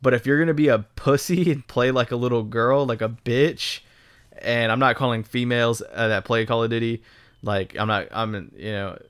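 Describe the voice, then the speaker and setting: A man's voice: medium pitch, normal speed, fairly bright tone, clear, resonant tone. Rambling, profane young man from Texas. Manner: rambling and profane, full of ums and restarts. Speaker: gaming YouTuber. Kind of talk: casual commentary over gameplay.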